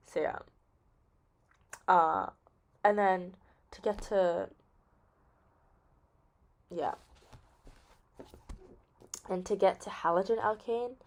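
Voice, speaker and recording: A woman's voice: on the low side, creaky. A young woman casually explaining chemistry as a playful story, chatty and thinking aloud with lots of fillers.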